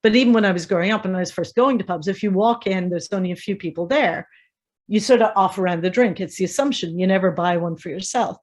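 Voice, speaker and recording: Woman, Irish accent, middle-aged, casual literary chat, animated storyteller. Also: medium pitch, quick pace. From Ireland. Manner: animated storyteller, quotes pub talk. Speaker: podcast guest.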